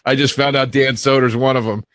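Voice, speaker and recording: A man's voice: mid-range voice, fairly even intonation, brisk, fairly bright tone. A man who is a comedian guest on a casual comedy podcast, talking in a laid-back, wry way.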